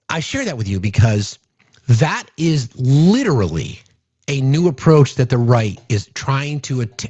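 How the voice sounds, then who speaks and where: A man's voice: mid-range voice, darkish tone, slightly rough, dry recording, muffled recording. A man giving casual political commentary, indignant and rambling, often restarting his sentences.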